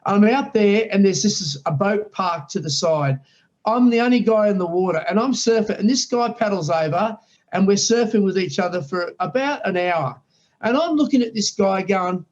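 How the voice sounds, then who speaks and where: Australian guy pushing seventy, kinda high voice, rambles with lots of restarts, muffled sound. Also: animated, normal speed. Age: 60s. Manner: rambling storyteller, many restarts. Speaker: guest. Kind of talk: casual interview chat.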